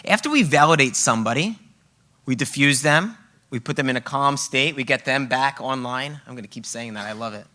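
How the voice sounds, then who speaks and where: A man's voice: mid-range voice, lively intonation, brisk, pushed and bright. A man presenting a parenting workshop to a live audience, speaking emphatically and often checking in with "okay?" and "right?".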